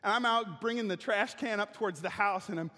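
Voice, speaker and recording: A male pastor preaching a sermon with a personal story, animated and acting out voices and sounds. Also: sits high, a little fast. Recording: church hall reverb.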